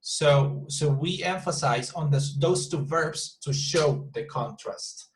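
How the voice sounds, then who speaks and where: A man teaching an online English class, patiently repeating words and slowly modelling sample sentences. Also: on the high side, faint music behind, rough recording.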